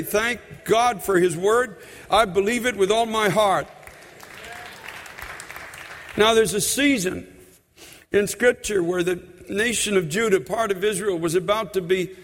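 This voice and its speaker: A man preaching a sermon in a church, impassioned, slowing and stretching words for emphasis. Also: sits high, long reverb tail. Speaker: pastor. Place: church sanctuary.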